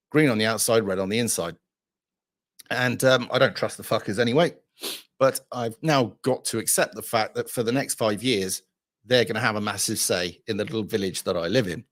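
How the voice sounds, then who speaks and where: A man's voice: fairly low pitch, normal speed, fairly bright tone. A middle-aged man, ranting bluntly and profanely to camera as a channel host and retelling a pub story. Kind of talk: casual ranting vlog.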